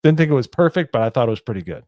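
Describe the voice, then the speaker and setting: Mid-pitched man rambling about a movie. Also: big pitch swings, rapid-fire, darkish tone, no echo, studio quality. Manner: rambling, with restarts and asides. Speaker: podcast co-host. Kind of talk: casual movie review chat.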